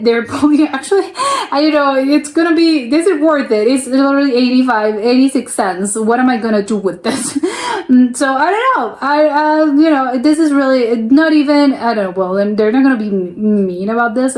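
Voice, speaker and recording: A woman's voice: fairly high pitch, darkish tone. A young woman from the US hosting a casual reaction video, rambling and restarting her thoughts and laughing often. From United States. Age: young adult.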